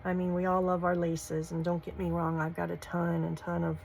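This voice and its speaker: A woman, gushing softly as she shows off craft supplies in a casual vlog. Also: lowish voice, monotone, fairly quick, creaky, a little hiss or hum, rough recording. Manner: gushing, soft-spoken, folksy. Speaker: crafting channel host. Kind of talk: casual show-and-tell vlog.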